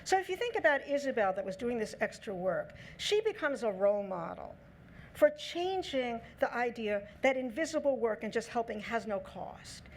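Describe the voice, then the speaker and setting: A woman giving a lecture on negotiation, lively, acting out the quoted lines in her own voice. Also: on the high side, normal speed, slight background noise. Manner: lively, acts out quoted dialogue in her talk. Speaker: speaker on negotiation. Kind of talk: lecture talk.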